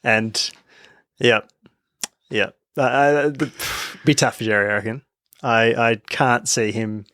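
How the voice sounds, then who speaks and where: A man's voice: medium pitch, fairly even intonation, slow pace, a bit bright, dry recording, clean studio sound. A young Australian man co-hosting a sports podcast, laid-back and casual, dropping "mate" often. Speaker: podcast co-host.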